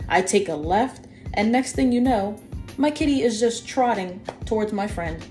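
A young woman co-hosting a podcast, telling a personal story in a lively, chatty way and talking straight to her listeners. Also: medium pitch, normal speed, faint music behind. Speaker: podcast co-host. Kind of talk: casual storytelling.

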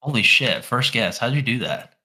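A man's voice: medium pitch, animated, normal speed, noisy background. A young man co-hosting a casual podcast, joking around and swearing freely. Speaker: podcast co-host. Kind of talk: casual chat.

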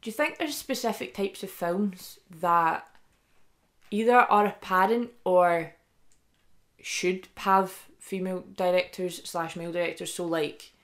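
Young woman podcast cohost, kinda low voice, says like a lot, rambly. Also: a little slow. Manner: chatty, heavy use of "like", animated quoting. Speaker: podcast co-host. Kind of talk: casual chat.

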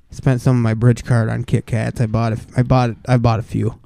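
Smooth-voiced young man in dry podcast chat. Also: mid-range voice, flat delivery, normal speed, warm tone, no room sound. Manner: joking, rambling banter. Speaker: podcast co-host. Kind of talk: casual chat.

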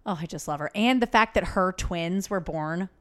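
A slightly low-pitched woman co-hosts a podcast with easy, candid chatter. She giggles often and talks with loose, offhand energy. Her voice has a relaxed, conversational ease. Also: normal speed. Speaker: podcast co-host. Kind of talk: casual chat.

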